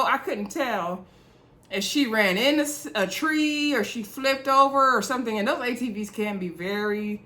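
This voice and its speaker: A woman's voice: on the high side, normal speed, bright, forceful tone. Chatty woman recapping reality TV. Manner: chatty, laughs often, talks to viewers as y'all. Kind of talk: casual chat to viewers.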